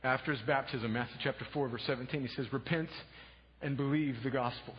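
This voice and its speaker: A man preaching a sermon as pastor, impassioned, swinging from hushed asides to shouted exclamations. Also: mid-range voice, steady tone, a little fast, breathy edge. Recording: dull lo-fi sound with long hall reverb.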